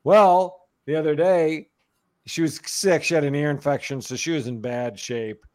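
A man's voice: fairly high pitch, moderate pace. A man in his thirties telling funny stories about his toddler in a casual chat. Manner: animated storyteller, mimics a toddler's voice in quotes.

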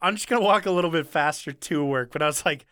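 A young man with a bright, clear-cut voice tells a crude story on a casual podcast. He swears freely and laughs at himself often. The sound is dry and close, with almost no room around it. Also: a little high, fast, no room sound. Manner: profane, laughing, self-deprecating storyteller. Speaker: podcast co-host.

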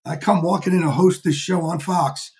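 Man, 50s, energetic, profane, podcast guest, studio mic. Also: sits high, normal speed. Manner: energetic, profane, animated storyteller. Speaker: podcast guest, sports insider. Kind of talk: casual storytelling interview.

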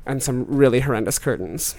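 A man's voice: mid-range voice, fairly quick, creaky, a little mellow. A young man, a podcast guest, chatting casually and telling a story with lots of fillers and asides. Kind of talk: casual chat.

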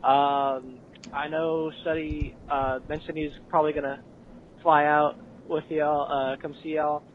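A man's voice: a little high, flat delivery, measured pace, slight background noise. A man leaving a rambling, friendly voicemail, full of ums and uhs. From Texas. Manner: rambling, friendly, uses lots of fillers. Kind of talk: casual voicemail message. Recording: phone-line voicemail.

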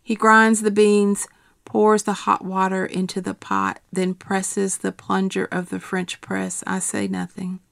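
Gravelly middle-aged woman reading an essay. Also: medium pitch, dry recording, studio quality. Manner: quiet, measured, steady delivery. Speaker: essayist reading her own work. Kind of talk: reading a personal essay aloud.

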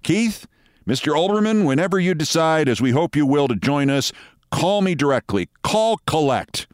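Genial college dean, smooth salesman patter, pitched up, as a male narrator puts him on. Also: very animated, normal speed, dry recording, clean studio sound.

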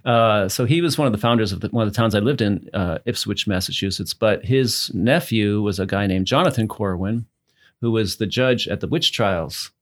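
New england guy chatting over bourbon, low-ish voice, lots of ums, easygoing. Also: moderate pace. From New England, south of Boston. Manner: relaxed, rambling storyteller with fillers. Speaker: club founder, guest. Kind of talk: casual chat over bourbon tasting.

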